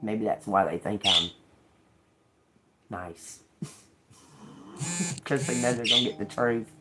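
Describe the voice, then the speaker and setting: A woman's voice: very deep voice, takes it slowly. A woman tarot reader talking in a casual, rambling monologue, blunt, sarcastic and full of swearing, laughing between remarks. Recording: noisy home recording.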